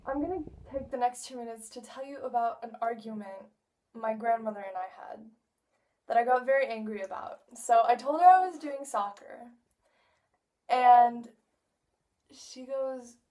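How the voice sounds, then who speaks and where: A woman's voice: fairly high pitch, normal speed, warm tone, far from the mic. A teenage girl giving a casual video message to a friend, chatty and rambling, often laughing as she talks. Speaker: vlogger addressing a friend.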